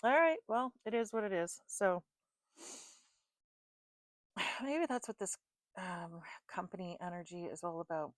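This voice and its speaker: A woman's voice: lowish voice, measured pace, pauses often, dry recording. A woman giving a casual tarot reading to her viewers, frustrated and swearing often, laughing at her own exasperation. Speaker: tarot reader.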